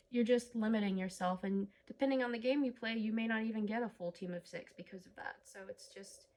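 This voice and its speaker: A woman's voice: fairly high pitch, a little mellow. A woman giving casual, rambling gameplay commentary as a let's play host, humming to herself between remarks. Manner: rambling, chatty, hums to herself.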